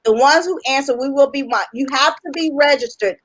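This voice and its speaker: A woman hosts a relaxed livestream from a video call, chatting, joking and laughing easily. Her voice sits high. She rolls from banter into game rules and prize details without stiffness. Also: brisk, dry recording, rough recording. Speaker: host and publisher. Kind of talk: casual livestream hosting.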